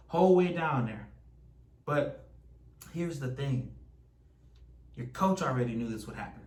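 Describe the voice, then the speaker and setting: Man preaching an animated sermon, echoey. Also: mid-range voice, recorded from a distance. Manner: animated storytelling with sports imagery. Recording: echoey room, voice from off mic.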